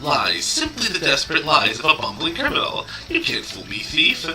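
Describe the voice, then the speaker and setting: A man's voice: fairly high pitch, huge pitch swings, normal speed, pushed and bright, faint music behind, heavily acted. A man voicing a haughty guardian who sneers and accuses intruders, from a video game. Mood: sneering.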